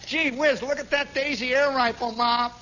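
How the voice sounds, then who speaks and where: A man's voice: very high voice, steady tone, normal speed, bright, forceful tone, muffled recording, slight background noise, voice pushed up. A man doing an eager little kid brother. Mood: excited. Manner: eager, wide-eyed exclaiming.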